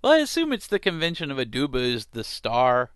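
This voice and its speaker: A man's voice: medium pitch, huge pitch swings, brisk, a bit bright, clear, resonant tone, no room sound, studio quality. A man co-hosting a casual comic review chat, joking and reading lines in playful mock voices. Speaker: podcast co-host.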